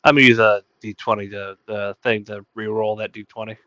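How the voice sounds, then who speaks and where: A man's voice: on the low side, level tone, brisk, pushed and bright, no echo, muffled recording. A man playing a tabletop game, chatting casually and swearing offhandedly. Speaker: player.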